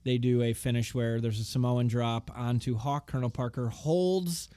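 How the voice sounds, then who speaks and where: A man's voice: medium pitch, steady tone, moderate pace, dark tone, clean tone, no room sound, studio quality. A man in his thirties co-hosting a casual podcast, rambling with lots of fillers and casual swearing. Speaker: podcast co-host. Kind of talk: casual chat recapping wrestling.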